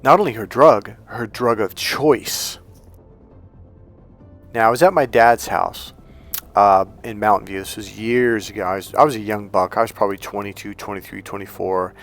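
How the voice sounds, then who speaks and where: A man giving casual dating advice as a coach, telling lively stories and acting out the people in them, blunt and a bit crude. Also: on the low side, normal speed, creaky, soft background music. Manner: animated storyteller who acts out the people he quotes. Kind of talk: casual motivational monologue.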